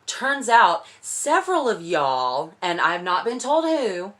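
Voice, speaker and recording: Young woman vlogging at home, excitable, gushing, laughs at herself. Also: medium pitch. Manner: gushing, emotional, self-deprecating. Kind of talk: excited unboxing vlog. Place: home indoors.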